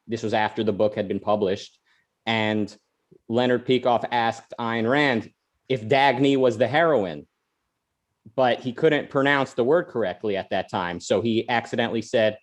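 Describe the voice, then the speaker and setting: A man hosting a podcast, talking in a chatty, rambling way full of restarts and side tangents. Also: medium pitch. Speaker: podcast host. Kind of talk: casual podcast chat.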